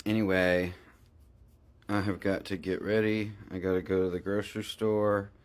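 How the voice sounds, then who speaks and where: A man's voice: low-pitched, little pitch movement, moderate pace. A man casually chatting through a home baking vlog, rambling with little asides. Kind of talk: casual chat. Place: home baking room, indoors. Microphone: phone, sometimes earbuds.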